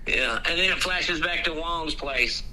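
A young man retells a film scene by scene in an animated, casual way. His voice sits high and sounds very bright, with a faint hiss underneath. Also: unhurried, low-quality recording. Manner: animated storytelling, acts out quotes. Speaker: podcast co-host. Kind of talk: casual movie recap.

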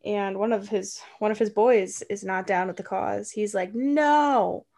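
A woman casually retelling a film plot, tossing in quick offhand voices for the characters. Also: medium pitch, flat delivery, creaky, warm tone. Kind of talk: casual chat.

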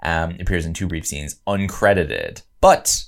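Sitting low with a creaky, unhurried quality, this man's voice carries a casual podcast chat about a film he's co-hosting. He curses freely and acts out quotes in over-the-top voices, staying animated.

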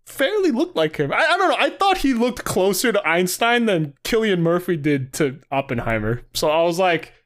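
A man's voice: sits high, very animated, moderate pace, hardly any pauses, fairly bright tone. A man co-hosting a podcast in casual chat, rambling with many fillers and frequent laughter. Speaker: podcast co-host.

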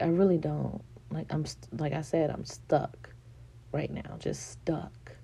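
Low, gravelly-voiced woman venting candidly. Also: dark tone. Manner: frank and rambling, with frequent swearing and fillers. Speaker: vlogger.

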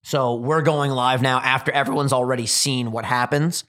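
A young man hosting a casual podcast, animated and swearing freely, acting out quotes as he tells stories. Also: medium pitch, normal speed. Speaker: podcast host.

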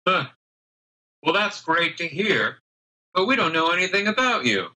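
A man's voice: high-pitched, big pitch swings, normal speed, sharp tone, voice pushed up, heavily acted. A man voicing an older, suspicious male halfling who scoffs at strangers in a tabletop game. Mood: scoffing.

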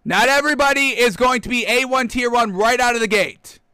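A man hosting a football talk show, ranting in a heated, animated way and calling out to his folks, close on a studio mic. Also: very high voice, fairly quick, smooth, no room sound. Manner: heated, animated, keeps addressing the audience as folks. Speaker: sports show host. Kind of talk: casual football rant. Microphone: close studio microphone.

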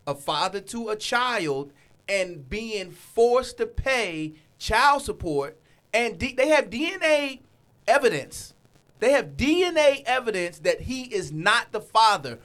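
A man's voice: sits high, a bit bright. A man co-hosting a casual chat, teasing the others and bringing up new topics. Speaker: co-host.

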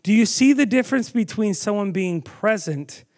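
Animated high-voiced male preacher. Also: normal speed. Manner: animated storytelling, asks the audience questions, acts out quotes. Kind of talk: sermon.

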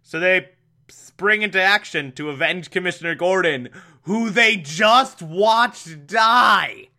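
Drawling, bright-voiced sarcastic TV reviewer, casual recap. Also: medium pitch, slow. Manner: sarcastic, exasperated, bursts into laughter. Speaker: TV episode reviewer.

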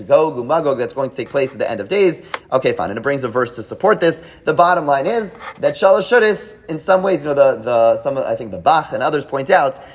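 A man with a somewhat high voice leads a live class, talking it through in a loose, explanatory way. He restarts often and keeps checking in with his students. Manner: explanatory, many fillers and restarts, asks rhetorical checks. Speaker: teacher leading a Talmud class.

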